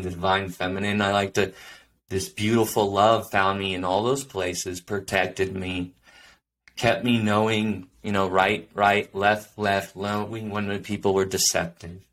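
A man's voice: fairly low pitch, level tone, normal speed, a bit bright. A man hosting a solo podcast episode, talking in an earnest, rambling, reflective way with many fillers. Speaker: podcast host.

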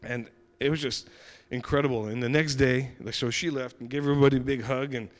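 A man giving a personal testimony, retelling events in a lively way with frequent restarts and acted-out dialogue. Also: medium pitch, a little fast. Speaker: church member giving a testimony.

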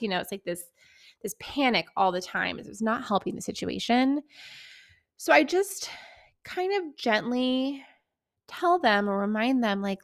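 A young adult woman hosting a podcast in a casual monologue, chatty with many "like"s, acting out her clients in quick quotes. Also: mid-range voice, expressive, no room sound, clean studio sound. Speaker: podcast host, acne coach.

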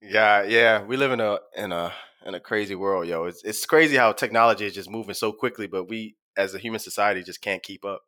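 A man's voice: on the low side, brisk, hardly any pauses, bright, forceful tone, no room sound, studio quality. A man co-hosting a podcast, making laid-back remarks in casual chat. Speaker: podcast co-host.

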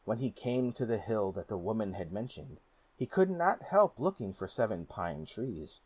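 A man narrating a folk tale in a steady, measured storybook reading. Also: fairly low pitch, breathy edge, no echo.

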